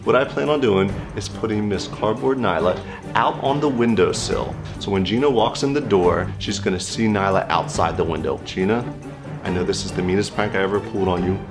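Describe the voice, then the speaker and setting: Young male prank vlogger, low voice, chatty and mischievous, over background music. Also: brisk. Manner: chatty, mischievous, speaks straight to camera. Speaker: vlogger pranking his girlfriend. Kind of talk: casual vlog narration. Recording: music playing underneath.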